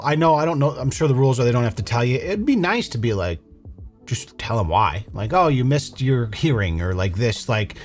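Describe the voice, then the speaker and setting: Young guy chuckling through reaction commentary, lively voice bouncing up and down, bit of music behind. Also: mid-range voice. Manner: amused, wry, laughs often.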